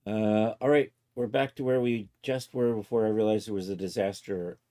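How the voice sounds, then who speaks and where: A man casually talking himself through each step of a software task on a live stream, loose and self-mocking. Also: lowish voice, steady tone, moderate pace. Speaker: livestreaming 3D content creator.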